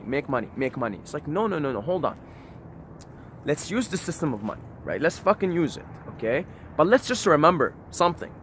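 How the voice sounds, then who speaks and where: A man's voice: medium pitch, a little hiss or hum. A man giving an impassioned, preachy outdoor monologue to camera, swearing and repeating phrases for emphasis. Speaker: vlogger. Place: outdoors by a forest.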